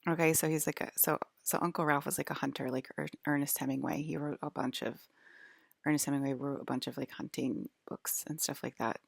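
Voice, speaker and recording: Low, gravelly-voiced woman rambling. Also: steady tone, fairly quick, no room sound, studio quality. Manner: rambling, hesitant, many fillers. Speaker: vlogger. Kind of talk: casual rambling monologue.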